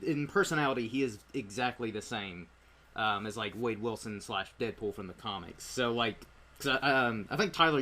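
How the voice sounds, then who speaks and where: Host, male, from Ireland, medium pitch, loose rambling delivery full of ums. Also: sharp tone. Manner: rambling, filler-heavy storytelling. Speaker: host of a movie review. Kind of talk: casual chat.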